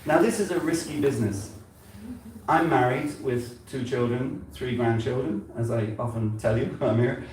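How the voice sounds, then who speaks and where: An older man from England giving an informal sermon at a temple, talking conversationally and halting often, repeating words and using fillers. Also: medium pitch, darkish tone, slight background noise. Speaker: spiritual speaker at a temple gathering. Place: temple hall. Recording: very echoey hall, heard from a distance.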